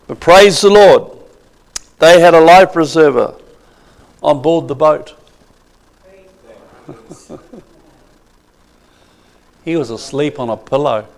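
Slow, gravelly male preacher. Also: on the high side. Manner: emphatic, asks the congregation questions. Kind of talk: sermon.

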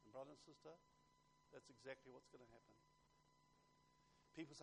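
A man's voice: fairly high pitch, huge pitch swings, normal speed, pauses often, a little hiss or hum. A man preaching a sermon, emphatic and acting out dialogue as he tells a story.

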